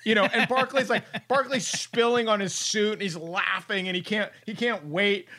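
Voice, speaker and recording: A man's voice: sits high, fairly even intonation, normal speed, bright, forceful tone. A man hosting a casual sports chat, riffing with profane, sarcastic humor.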